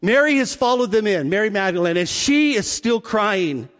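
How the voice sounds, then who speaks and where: A man preaching a sermon, telling the story with animated delivery and dropping to a hush for emphasis. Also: high voice, moderate pace. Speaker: pastor. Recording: long hall reverb.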